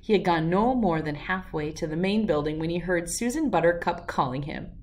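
A woman reading a children's chapter book aloud, telling the story in a clear, expressive way. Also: on the low side, fairly quick, far from the mic.

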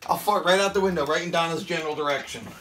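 A man's voice: on the high side, very fast, fairly bright tone, slight background noise. A man vlogging at home in casual family banter, cracking crude jokes and puffing for breath between lines. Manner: crude joking, breathless from exercise.

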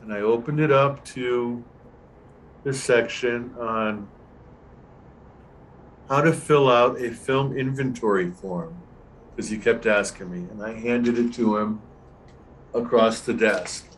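An older man, a veteran camera assistant, telling a relaxed anecdote as a guest on a video-call Q&A and acting out the dialogue. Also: mid-range voice, slow, long pauses, a little hiss or hum, rough recording. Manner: relaxed anecdotal storyteller, acts out quoted dialogue. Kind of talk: storytelling in an online Q&A.

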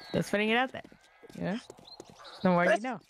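A woman's voice: mid-range voice, moderate pace, vocal fry, a bit bright, a little hiss or hum. A woman streamer chatting while gaming, laughing easily and telling a story. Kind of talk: casual chat while gaming.

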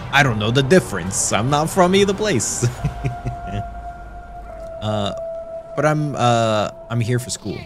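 A man's voice: mid-range voice, expressive, takes it slowly, pauses often. A man streaming a video game, chatting playfully and reading the game's lines aloud. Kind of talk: let's play commentary. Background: game music.

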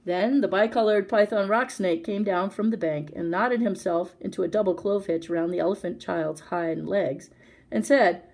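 A woman librarian reading a story aloud for children, expressive and talking straight to her listeners. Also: medium pitch, normal speed. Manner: expressive, addresses listener directly.

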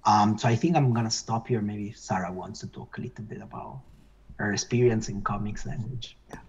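A man's voice: lowish voice, brisk, gravelly, darkish tone, husky, highs cut off. A man speaking as an author at a book launch panel, explaining hesitantly with many fillers and restarts. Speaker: author and researcher. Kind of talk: panel discussion. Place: event hall.

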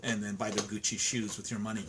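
A man's voice: fairly low pitch, level tone, fast, noisy background. A man, a dog trainer, talking in an interview, frustrated and indignant, with frequent restarts and repeated words. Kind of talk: emphatic interview talk.

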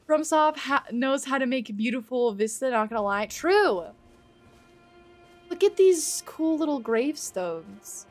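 A woman streamer giving excitable live commentary while playing a game, gasping often and swearing freely. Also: on the high side, moderate pace, soft background music.

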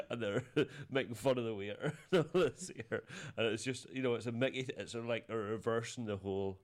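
A man's voice: medium pitch, fairly quick. A man from Scotland, a podcast guest, rambling through a story while searching for his words. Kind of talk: casual chat.

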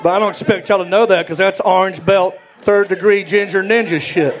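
At a live comedy club, a male stand-up comedian tells a story animatedly at normal speed, pausing often. He jumps into character voices with big pitch jumps, and the audience laughs in the background.

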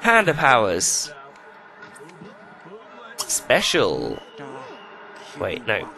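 A man's voice: lowish voice, huge pitch swings, drawn-out words, gravelly, crowd noise. A man giving profane, exasperated running commentary while playing a life-simulation video game. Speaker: let's play host.

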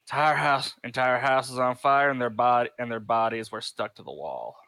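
A man voicing a grim, blindfolded male monster hunter, speaking in flat, clipped, weary phrases. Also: mid-range voice, moderate pace, no echo.

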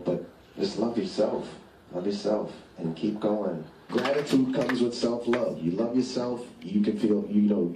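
A man's voice: lowish voice, dark tone. A man giving a rambling motivational talk to a live audience, often repeating his words. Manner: rambling, repeats words, laughs at own stories. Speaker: speaker addressing fans on stage. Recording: echoey and distant with faint noise.

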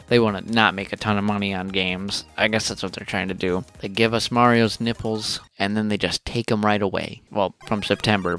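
A man's voice: on the low side, fairly bright tone. A man casually commenting on his own gameplay, muttering and swearing in frustration with sudden outbursts. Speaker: gaming channel host.

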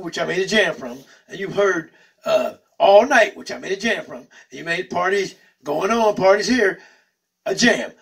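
A man hosting his channel, a funk musician calmly explaining how he builds songs from samples. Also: sits high, gravelly, husky, recorded from a distance. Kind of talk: casual explanation to viewers.

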